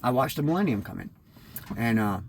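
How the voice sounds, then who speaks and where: Man in his fifties, candid rambling monologue, mid-pitched voice, a little background hiss. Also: lively intonation, fairly quick, gravelly. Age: 50s. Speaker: host. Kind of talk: casual personal monologue.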